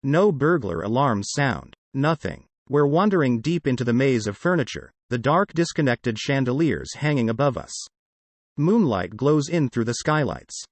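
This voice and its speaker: A man reading an audiobook in the first person, with expressive delivery. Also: medium pitch, normal speed, no room sound. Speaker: audiobook narrator. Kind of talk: audiobook narration.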